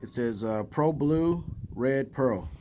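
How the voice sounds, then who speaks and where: A man's voice: mid-range voice, expressive, slow, warm tone, a little hiss or hum. A man, chatting to viewers in a self-mocking way while fishing by a river in a snow storm. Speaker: fishing vlogger. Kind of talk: casual outdoor vlog talk.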